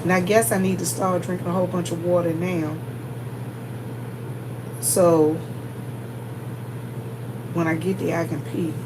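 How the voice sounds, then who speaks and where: A woman's voice: lowish voice, level tone, measured pace, long pauses. Chatty woman at a store, humming background. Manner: chatty, repetitive, addresses viewers as y'all. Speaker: store clerk vlogging at work. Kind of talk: casual chat to viewers. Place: gas station store. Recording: humming air conditioning noise. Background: air conditioner hum.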